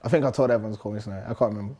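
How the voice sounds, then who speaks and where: A man's voice: fairly low pitch, very fast, mellow, highs cut off. A young man from Nottingham with a Nottingham accent, chatting in an interview in a slangy, laid-back way. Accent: Nottingham English. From Nottingham, England. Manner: slangy, laid-back, loose storytelling with laughs. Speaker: rapper, interview guest. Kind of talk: casual interview chat.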